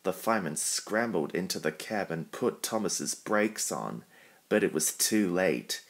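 Male storybook narrator: deep, slow, calm. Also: creaky.

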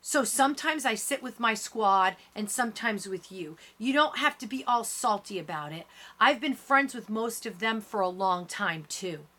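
A woman reading an audiobook, voicing a defensive junior-high girl who argues in a raised, sharp voice. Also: lively intonation, moderate pace, few pauses. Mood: angry. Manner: shouting, sharp retorts.

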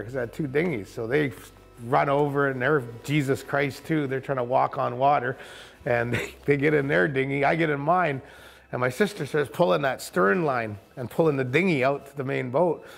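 Gravelly man telling a tale. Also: medium pitch, faint music behind. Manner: colloquial, vivid, quick asides. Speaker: kayak camp and tour boat operator. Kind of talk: animated first-person storytelling.

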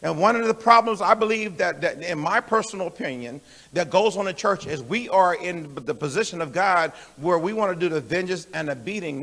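High-voiced man preaching with fervor. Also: animated, fairly quick. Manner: emphatic, rising to shouts and calling on the congregation; conversational, with frequent restarts and laughs. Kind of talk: sermon.

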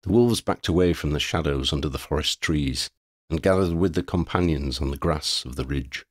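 A man narrating an audiobook, reading steadily with expressive storytelling. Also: extremely low pitch, moderate pace, no echo, clean studio sound. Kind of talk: scripted narration.

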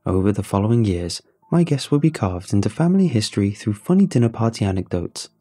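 A man narrating a horror story in a measured, somber way. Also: lowish voice, big pitch swings, warm tone, breathy edge. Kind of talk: scripted narration. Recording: faint music under the narration.

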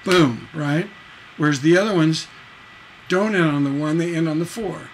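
A man's voice: on the high side, normal speed, slight background noise, poor audio. A man teaching songwriting on a livestream, reading lyrics and counting beats aloud, with many fillers and restarts. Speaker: songwriting instructor.

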